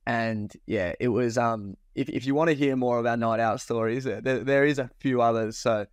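A man's voice: mid-range voice, fairly even intonation, moderate pace, smooth, dry recording. A young man co-hosting a podcast, telling a rowdy night-out story with swearing and acted-out dialogue. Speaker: podcast co-host. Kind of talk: casual storytelling chat.

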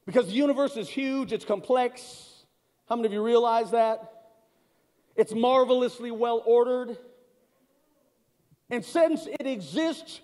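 Male pastor, higher register, emphatic sermon with call-and-response, big echoing sanctuary. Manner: swings from loud emphatic lines to low slow ones. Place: large church hall. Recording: long church reverb. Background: congregation.

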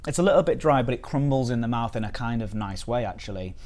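A man's voice: mid-range voice, expressive, fast, darkish tone. A man from the United Kingdom chatting casually on a live stream as he reviews biscuits and reads out the chat.

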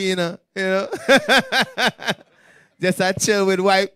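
A man leading a street-style Bible lesson in slangy, animated talk, acting out the voices of the people in the text. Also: high-pitched, takes it slowly, no echo, studio quality. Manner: slangy, animated, acts out quoted speech. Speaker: Bible study teacher.

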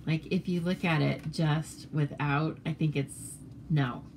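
A woman's voice: low-pitched, fairly even intonation, takes it slowly, darkish tone, a little hiss or hum. Chatty American woman demonstrating crafts. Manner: chatty, rambling with fillers and self-corrections. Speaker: papercraft demonstrator. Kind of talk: casual crafting tutorial.

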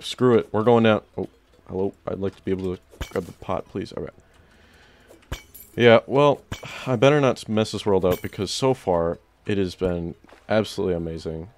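A young man giving excited let's-play commentary, often jumping into loud, high-pitched outbursts. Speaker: gaming YouTuber.

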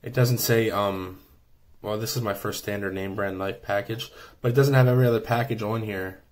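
Excited man unboxing a knife, low voice. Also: normal speed. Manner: enthusiastic, rambling with many fillers. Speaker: knife reviewer. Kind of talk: casual unboxing review.

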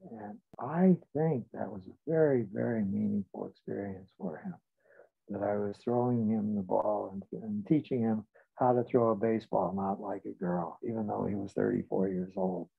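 A man's voice: fairly low pitch, creaky. Older man telling stories, tinny phone sound. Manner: measured, recounting dialogue with shifts in loudness. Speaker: psychotherapist. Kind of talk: reflective storytelling.

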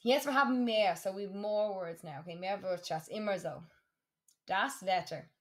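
Woman teaching German vocabulary. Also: medium pitch. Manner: slow, careful modelling of German words, repeating for practice. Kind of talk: classroom lesson for students.

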